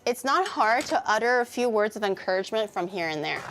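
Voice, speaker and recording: A woman's voice: medium pitch, sing-song, brisk, fairly bright tone, a little hiss or hum. A young woman cooking on a livestream, chatting casually with her viewers, teasing them, swearing and laughing often. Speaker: cooking streamer.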